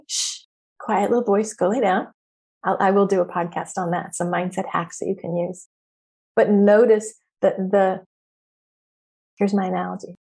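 A woman's voice: mid-range voice, a little mellow. A woman coach and podcast host giving an emphatic, preachy motivational talk with casual swearing.

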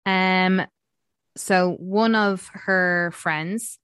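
A woman's voice: on the low side, steady tone, extremely slow, fairly bright tone, clear, resonant tone, dry recording, clean studio sound. A woman co-hosting a casual film review chat, rambling with lots of fillers. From Ireland. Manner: chatty, rambling with many fillers.

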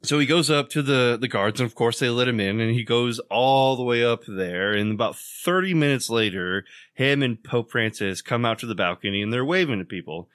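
A man's voice: animated, fairly quick, hardly any pauses, fairly bright tone, clean tone, no echo, studio quality. A man co-hosting a podcast, telling a long joke in a rambling casual way and acting out the characters. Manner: rambling storyteller, acts out the characters with jumps in pitch. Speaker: podcast co-host.

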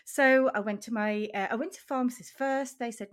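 This is a woman originally from Switzerland, co-hosting a relaxed chat podcast. She tells her story in a friendly, chatty way, breaking into laughter often. Her voice sits slightly on the high side. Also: moderate pace. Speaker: podcast co-host. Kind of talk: casual chat.

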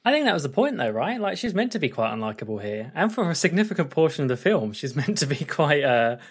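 A man co-hosting a casual film podcast, who gives animated, emphatic opinions with many fillers. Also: a little high, quick pace, slightly rough. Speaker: podcast co-host.

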